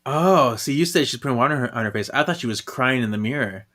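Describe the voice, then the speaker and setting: A man co-hosts a relaxed podcast, talking through a comic in loose casual chat. He thinks aloud, hedges his points and laughs often. His voice sits at an ordinary middle pitch. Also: fast talker. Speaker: podcast co-host.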